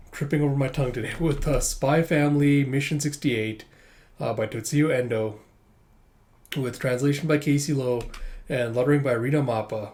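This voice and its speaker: A man's voice: medium pitch, darkish tone. A man chatting casually through a manga chapter, often laughing and swearing offhandedly. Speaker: manga reviewer.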